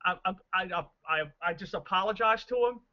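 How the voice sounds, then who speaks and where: A man playing a tabletop game, excitable and laughing at his own bad luck. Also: high-pitched, a little fast, lo-fi sound. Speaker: player.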